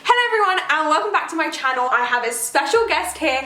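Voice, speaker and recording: A young woman hosting her own vlog in casual chat at home, excitable and giggly. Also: sits high, fast. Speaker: vlog host. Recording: echoey room.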